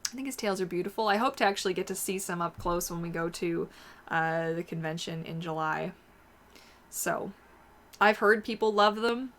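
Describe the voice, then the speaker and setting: A woman's voice: fairly low pitch, normal speed, fairly bright tone, slight background noise. A woman hosting a casual livestream, chatting and answering viewer comments as she reads them out. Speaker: livestream host.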